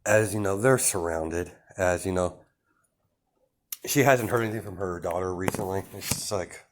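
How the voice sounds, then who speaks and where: A man's voice: sits low, moderate pace. A man improvising a fan-fiction story, narrating hesitantly with many fillers and restarts.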